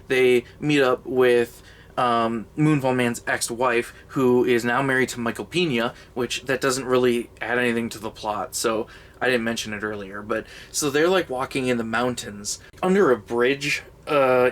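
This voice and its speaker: A man's voice: medium pitch, steady tone, moderate pace, a bit bright. A young man giving a casual, comedic movie review, rambling and sarcastic, with frequent swearing.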